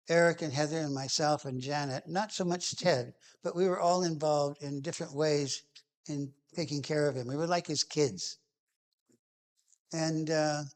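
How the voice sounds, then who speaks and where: A man telling a personal memory behind a song, halting and restarting, with phrases that trail off softly. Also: fairly high pitch. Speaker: singer-songwriter telling a song's background. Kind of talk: personal reminiscence.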